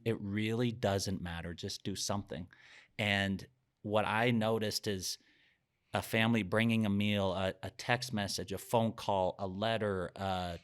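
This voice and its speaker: Middle-aged male podcast guest, low voice, earnest reflective storytelling. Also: steady tone, measured pace. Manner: earnest, reflective, sometimes emotional. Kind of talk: heartfelt personal storytelling.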